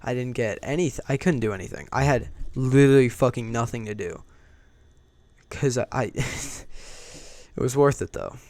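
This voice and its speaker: A young man tells a personal story in a loose, rambling way, swearing often and speaking bluntly. His voice sits at an ordinary middle pitch. The sound is dry and close, with no room echo. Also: normal speed, a little mellow. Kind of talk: casual storytime monologue.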